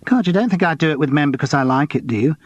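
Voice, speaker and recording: A man's voice: fairly high pitch, animated, fast talker, no room sound, highs cut off. A man reading an audiobook, voicing a young male escort and out-of-work actor who talks in a breezy, cheeky, gossipy way.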